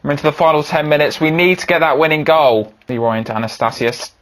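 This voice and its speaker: Young man, gaming host, self-commentates football matches, dropping to mutters and leaping up to shouts. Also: fairly even intonation, fast. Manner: swings from low muttering to high shouting. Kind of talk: excitable football game commentary.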